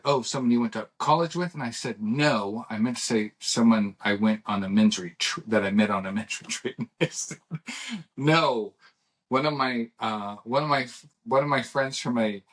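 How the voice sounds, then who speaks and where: A man's voice: mid-range voice, a bit bright. Rambling middle-aged man telling stories. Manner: rambling storyteller who restarts and acts out dialogue. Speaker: podcast co-host. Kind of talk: casual chat.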